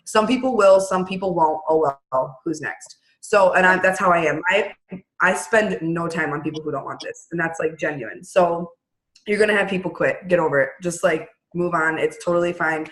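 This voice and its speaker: Blunt, brisk woman on a video call. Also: fairly low pitch, a bit bright, rough recording. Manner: blunt, brisk, acts out quotes. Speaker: team leader hosting a video call. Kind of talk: casual pep-talk on a video call.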